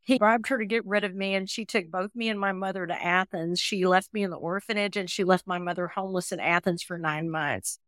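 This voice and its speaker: A woman's voice: mid-range voice, brisk, hardly any pauses, no echo, studio quality. A woman in her sixties, a podcast guest, telling her own life story earnestly and vividly, often acting out what people said. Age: 60s. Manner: earnest, animated retelling with quoted dialogue. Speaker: interview guest, adoptee. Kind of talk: emotional personal storytelling.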